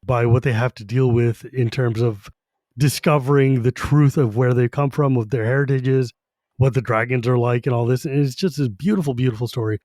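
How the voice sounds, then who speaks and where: A man's voice: medium pitch, a little mellow, dry recording. Man, podcast co-host, enthusiastic, rambling, dry close sound. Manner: enthusiastic, rambling, swears casually. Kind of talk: casual fan discussion.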